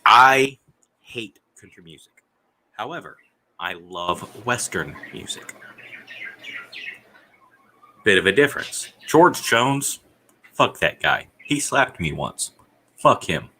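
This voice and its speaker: A man chatting as a podcast guest, blunt and crude, swearing a lot with dark humor. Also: mid-range voice, lively intonation, slow pace, a little hiss or hum, low-quality recording. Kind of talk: casual chat.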